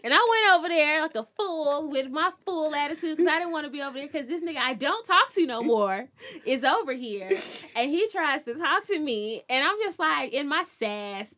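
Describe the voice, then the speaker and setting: A young woman, telling a story in casual chat, animated and laughing, quoting others in high voices. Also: moderate pace. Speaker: podcast co-host.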